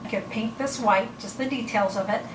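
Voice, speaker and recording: A woman's voice: fairly high pitch, normal speed, distant mic, background noise. Woman, home decorating how-to, chatty and rambling, roomy sound, a bit off-mic. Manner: rambling, many fillers and self-corrections. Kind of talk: casual how-to demonstration. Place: indoors at home, showing furniture pieces.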